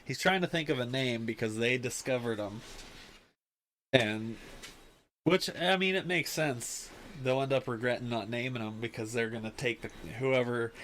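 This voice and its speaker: A man's voice: mid-range voice, moderate pace, fairly bright tone, slight background noise, low-quality recording. A man hosting a podcast, recapping casually with lots of fillers. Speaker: podcast host. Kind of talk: casual chat.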